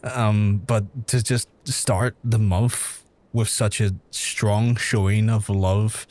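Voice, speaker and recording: A man streaming live in casual chat, excitable and profane, stumbling over repeated words. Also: lowish voice, slow. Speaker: livestreamer. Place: indoors at home.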